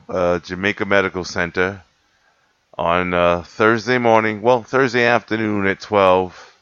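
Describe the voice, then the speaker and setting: A man's voice: lowish voice, fairly bright tone, clear, resonant tone, no room sound. A man telling a long story in a casual, rambling way, correcting himself often and laughing between points. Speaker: cat rescuer telling a story. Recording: dull lo-fi dry recording.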